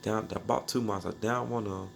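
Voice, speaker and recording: A man tells a story in a loose, rambling way, piling up slang and restarting his sentences. His voice sits low and has a gravelly, creaky edge. A faint hiss runs under it. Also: steady tone, fast. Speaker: beatmaker telling a personal story. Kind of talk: casual storytelling.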